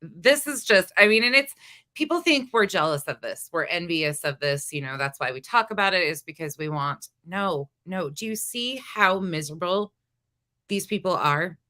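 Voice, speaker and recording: Commentary woman, low but bright voice, blunt and scornful. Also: lively intonation, moderate pace. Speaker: commentary channel host. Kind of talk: reaction commentary.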